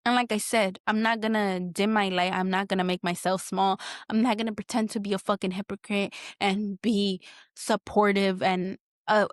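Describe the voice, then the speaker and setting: A woman's voice: medium pitch, no room sound, clean studio sound. A woman, hosting a candid solo podcast, talking bluntly and heatedly and swearing often. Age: 20s. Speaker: podcast host.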